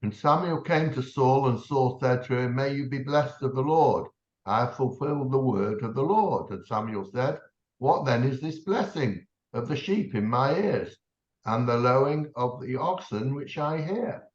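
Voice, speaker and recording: A man reading verses of scripture aloud in a steady, measured way. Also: medium pitch. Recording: echoey, dull, from far off.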